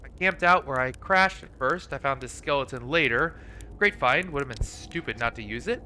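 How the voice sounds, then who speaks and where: A man's voice: mid-range voice, animated, normal speed, pushed and bright. A man reading aloud the lines of a folksy, laid-back stranded alien pilot in a video game, with dry humor. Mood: wry.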